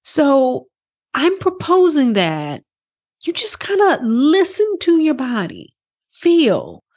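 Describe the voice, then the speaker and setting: A woman's voice: high-pitched, wildly swooping pitch, slow pace, darkish tone. A woman hosting a motivational podcast as a wellness coach, talking earnestly and casually swearing, who often slips into quoted inner voices. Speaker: wellness coach and program host.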